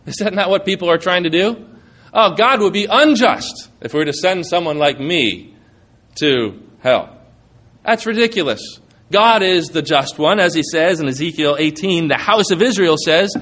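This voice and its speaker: A man's voice: a little high, expressive, normal speed, fairly bright tone. A man preaching a sermon, earnest and emphatic, quoting scripture and asking rhetorical questions.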